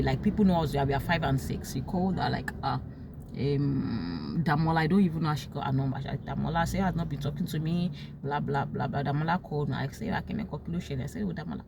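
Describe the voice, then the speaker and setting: A young Nigerian woman with a Nigerian accent talking about her life in casual storytelling, emotional and quick to act out what others said. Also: deep voice, noisy background. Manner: emotional, animated, quotes others in sharp raised tones.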